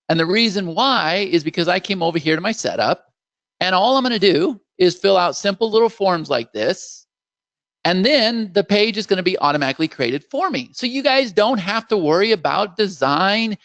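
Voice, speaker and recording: A man with a high voice hosts a live screen-share software demo, upbeat and salesy, calling viewers "guys" and acting out clients' reactions in quoted voices. The recording is dry.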